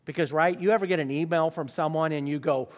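A man's voice: a little high, fairly even intonation, quick pace. A man preaching a sermon with emphatic rhetorical questions. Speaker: pastor. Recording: long reverb of a large hall.

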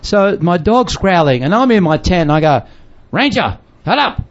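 A man's voice: high-pitched, animated, normal speed. An older man, a missionary, telling a story in a casual chat, acting out voices and laughing often. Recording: dull lo-fi sound.

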